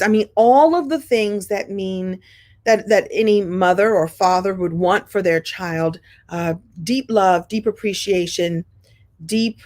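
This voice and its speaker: A woman in her fifties talks straight to camera as host of her own show. Her voice is warm and expressive. She tells the story casually and lets her pitch leap up for playful emphasis.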